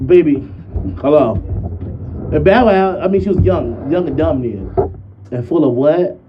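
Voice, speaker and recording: Brief: sassy male talk-show co-host, lively pitch swings, shady gossip delivery. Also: measured pace, muffled recording, background noise. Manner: sassy, shady, emphatic with big pitch jumps. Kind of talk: casual gossip chat.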